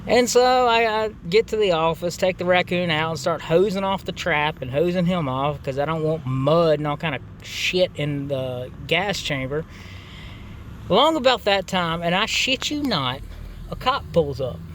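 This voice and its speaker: A man with a drawl tells a story in a loose, easygoing way, swearing freely and pausing on fillers. His voice sits a little high for a man. Faint outdoor traffic hums behind him. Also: expressive, fairly bright tone. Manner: profane, laid-back storytelling with many fillers. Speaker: gaming channel host. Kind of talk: casual anecdote.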